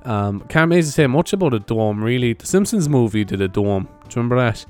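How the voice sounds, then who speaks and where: A man's voice: mid-range voice, animated, brisk, clean tone. A young man, a comedian, hosting his own podcast in a rambling, laid-back style, swearing freely and laughing at his own jokes. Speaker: podcast host. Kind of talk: casual solo podcast chat. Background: faint music and church bells.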